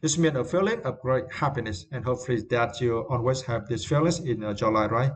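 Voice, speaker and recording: A man's voice: medium pitch, a little fast, a little hiss or hum. A man whose first language is Vietnamese, teaching English vocabulary in a hesitant way, with many fillers and tag questions. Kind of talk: vocabulary lesson.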